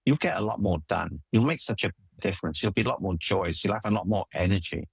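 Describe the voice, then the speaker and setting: A gravelly, husky, low-sitting voice belongs to a middle-aged relationship coach who talks fast. Telling personal stories in a conversational interview, he's earnest and emphatic and keeps restarting; the recording is dry.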